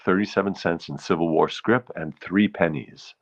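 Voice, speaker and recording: A man's voice: sits low, moderate pace, dull audio. A man with a New York accent, from the Bronx, hosting a casual live stream, rambling and greeting viewers between thoughts. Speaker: host.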